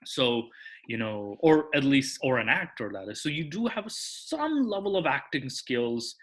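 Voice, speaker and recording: Bright-voiced man rambling through explanations. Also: mid-range voice, big pitch swings, measured pace. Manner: rambling, restarts, tags sentences with "that is". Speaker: podcast guest. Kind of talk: explanatory casual chat.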